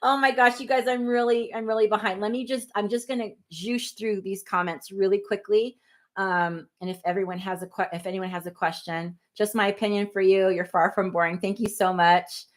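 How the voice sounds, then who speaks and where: A woman in her fifties hosting a casual livestream, reading viewer comments aloud in a chatty, apologetic way with quick asides. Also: mid-range voice, level tone. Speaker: livestream host.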